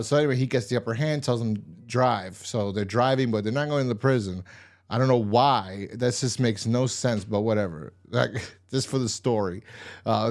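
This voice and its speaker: A man's voice: fairly low pitch, a little mellow. A man casually recapping a TV episode, rambling and swearing, with exasperated asides. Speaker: TV episode reviewer.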